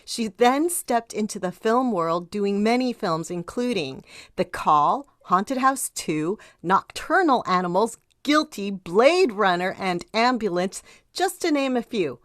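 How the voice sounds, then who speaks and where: Enthusiastic podcast host, dry close sound. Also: female voice, mid-range voice, lively intonation, a little slow, dry recording. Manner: enthusiastic, rambling, restarts her questions. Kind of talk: podcast interview.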